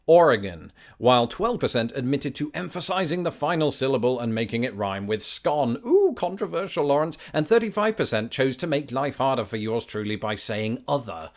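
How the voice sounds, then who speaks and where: British male vlog host, playful and self-mocking, swoops up and down a lot in pitch. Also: lively intonation, a little fast, hardly any pauses. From Britain. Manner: wry, theatrical, self-mocking. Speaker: YouTube host. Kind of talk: scripted comedic vlog monologue.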